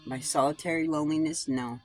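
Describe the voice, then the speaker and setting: A woman's voice: sits low, fairly even intonation, a little fast, a little mellow, faint music behind. A woman vlogger talking in a rambling personal monologue about coping, blunt and digressive, swearing freely.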